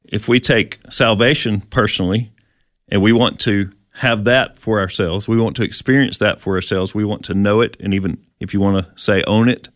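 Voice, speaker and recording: A man's voice: fairly low pitch, fairly even intonation, normal speed, dry recording, clean studio sound. A man leading a conversational Bible teaching, explaining step by step and asking his listener questions.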